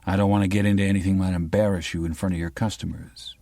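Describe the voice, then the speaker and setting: Brief: a man playing a steady detective, deep and even, dry close read. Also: racing, vocal fry, dry recording. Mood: calm. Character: calm, steady male police detective.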